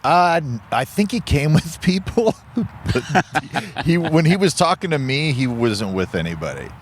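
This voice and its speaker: Laughing self-deprecating co-host. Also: male voice, a little high, very animated, unhurried, a little hiss or hum. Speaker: podcast co-host and comedian. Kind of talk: casual comedic chat.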